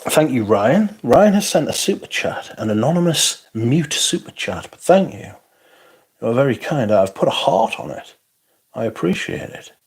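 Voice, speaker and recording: A man's voice: medium pitch, sing-song, normal speed, gravelly, a little mellow, husky. Man, livestream host, tired, yawning, rambling, self-deprecating, reading chat comments. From North East England. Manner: rambling, self-deprecating, frequent yawns and interjections.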